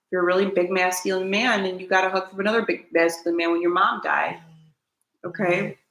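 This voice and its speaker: A woman's voice: lowish voice, steady tone, brisk, creaky, a bit bright, echoey room, rough recording. A woman hosting a spiritual self-help talk, speaking earnestly and preachily, repeating her key points and asking viewers to comment. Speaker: host.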